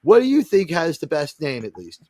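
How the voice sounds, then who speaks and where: A man's voice: on the high side, big pitch swings, normal speed, mellow, dry recording, studio quality. A man hosting a casual streamed panel talk show, rambling and joking with frequent laughs. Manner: rambling, jokey, laughs often.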